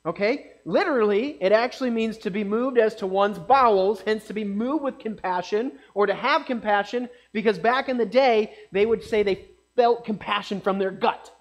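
A man's voice: sits high, normal speed. A man preaching a casual sermon in a conversational way, often checking in with his listeners.

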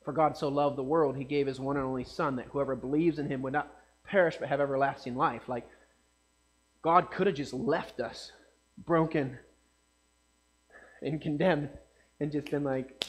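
A man's voice: mid-range voice, fairly even intonation, normal speed, pauses often. A man preaching a casual sermon in a conversational way, often checking in with his listeners.

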